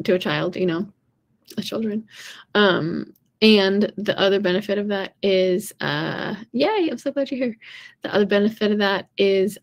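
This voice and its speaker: A young woman gives a relaxed singing lesson, thinking out loud as she goes. She rambles a little and fills pauses with soft hesitations. Her pitch sits in an ordinary middle range for a woman. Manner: chatty and rambling, many ums, laughing at herself. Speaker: voice teacher. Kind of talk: casual live-streamed singing lesson.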